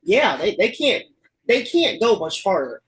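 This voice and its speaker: A woman joins a casual podcast chat with an expressive voice that rises and falls widely. She talks excitably and animatedly, with quick bursts of enthusiasm. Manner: animated and excitable, jumping up in pitch. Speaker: podcast co-host.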